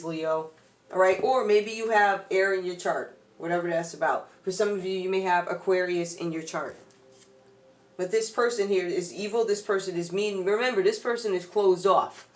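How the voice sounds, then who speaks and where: Chatty woman giving a tarot reading. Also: medium pitch. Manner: chatty, loose, addresses viewers directly. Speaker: tarot reader. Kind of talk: casual tarot reading to camera.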